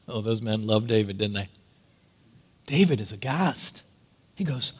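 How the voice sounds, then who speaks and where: Animated preacher with a lively voice. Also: male voice, lowish voice, a little slow, long pauses, husky. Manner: animated storytelling, dramatic swings. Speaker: pastor. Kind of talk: sermon.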